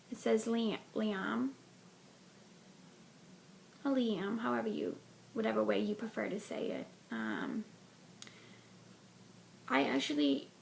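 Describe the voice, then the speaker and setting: A woman's voice: mid-range voice, gravelly, slight background noise. A woman hosting a knitting podcast, chatting casually about a project with lots of ums and restarts.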